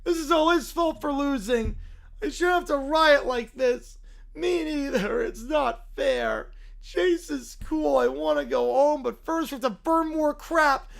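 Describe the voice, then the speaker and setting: A man voicing a bratty young boy in a furious tantrum, whining, shouting and tearful as he reads a story in character. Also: extremely high pitch, unhurried, creaky, pitched above the performer's own voice, full character voice. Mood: whiny tantrum. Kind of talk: reading an AI-written story in character.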